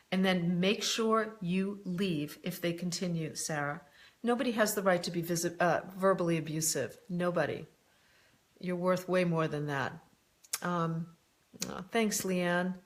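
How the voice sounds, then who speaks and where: A woman's voice: fairly low pitch, animated, unhurried. A woman coach answering viewer questions in a live online session, speaking candidly and directly, calling people by name, with frequent "um" and "you know". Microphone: live online broadcast.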